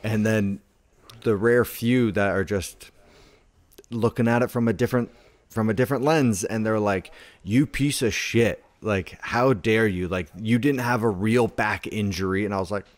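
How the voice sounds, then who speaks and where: A man with a lowish voice talks loosely in a casual conversation, piling up "like" as he rambles through his stories. The sound is dry and close, with no room around it. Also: normal speed, no echo. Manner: rambling storyteller, heavy on "like".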